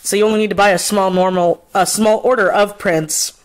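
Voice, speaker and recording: This casual vlog features a woman artist who swears freely while venting in a rant, then chats as she shows her prints. She speaks briskly in a mid-range voice with fairly even intonation. The recording quality is low.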